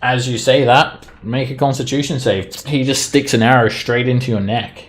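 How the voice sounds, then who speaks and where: A man's voice: medium pitch, steady tone, moderate pace. A man running a tabletop game as dungeon master, narrating loosely with fillers and frequent laughs.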